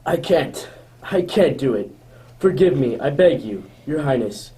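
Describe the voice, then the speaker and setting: A man's voice: medium pitch, expressive, a little slow, dark tone, distant mic, slight background noise, close to an everyday voice, low-quality recording. A man playing an anxious royal huntsman, torn between duty and guilt, in a radio drama. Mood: urgent, pleading. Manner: anxious and pleading.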